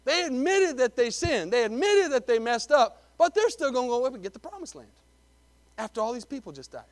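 A man preaching a sermon, emphatic, repeating words and swinging between loud lines and hushed ones. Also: very high-pitched, very animated, a little fast, no room sound. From Texas. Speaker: pastor.

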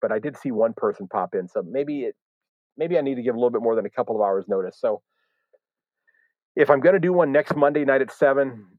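A man's voice: mid-range voice, lively intonation, quick pace, no room sound, phone-quality sound. An American man hosting a live podcast, talking in a rambling way with many fillers and restarts. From United States. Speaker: podcast host.

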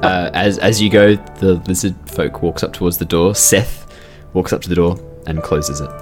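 A man narrating a tabletop game as its game master, good-humoured and quick to apologize. His voice sits very low. Faint music plays behind him.

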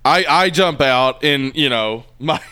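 A man's voice: fairly high pitch, unhurried, sharp tone, clear, resonant tone. A man co-hosting a casual movie podcast, joking and laughing as he riffs. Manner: laughing, joking, puts on voices for quips. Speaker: podcast co-host.

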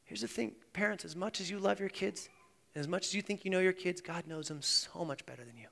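A man preaching a sermon as pastor. He swings between hushed, intense passages and loud, animated emphasis. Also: sits high, fast talker, gravelly. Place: church sanctuary. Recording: long church reverb.

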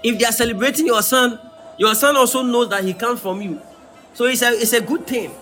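A pastor preaches in a high, bright, ringing voice. He bursts into shouts and sings some phrases, with faint music under his sermon. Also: brisk.

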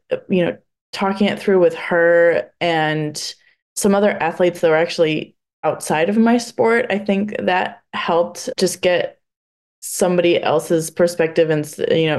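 Young woman guest on a podcast, kinda low voice, earnest and halting, gets emotional. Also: a little mellow. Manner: earnest, halting with many restarts. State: emotional, near tears at times. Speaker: podcast guest, blind adaptive athlete. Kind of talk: candid interview conversation.

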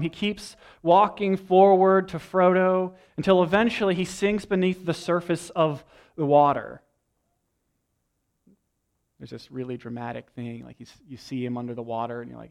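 A young adult man preaching a sermon, telling a story with lively energy and acting out lines from a movie. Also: fairly high pitch, moderate pace, smooth. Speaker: pastor.

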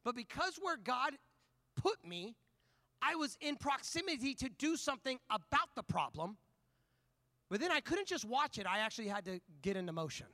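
A man preaching a sermon, telling a personal story in an animated, conversational way before turning to scripture. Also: very high voice, moderate pace, no room sound, clean studio sound. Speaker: pastor.

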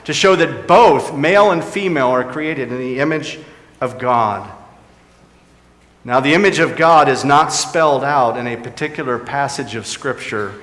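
A man's voice: medium pitch, a bit bright. Preaching man in an echoey hall. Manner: preaching, rising and dropping for emphasis. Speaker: pastor. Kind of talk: sermon.

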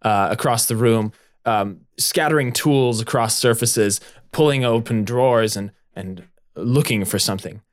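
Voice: mid-range voice, measured pace. A game master narrating a tabletop role-play scene in a descriptive, casual way.

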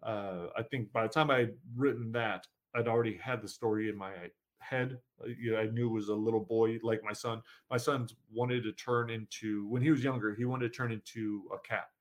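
A man's voice: on the low side, fairly even intonation, a little fast, few pauses. A man who writes horror fiction, chatting casually in a vlog about his upcoming writing projects, rambling with lots of fillers and self-corrections.

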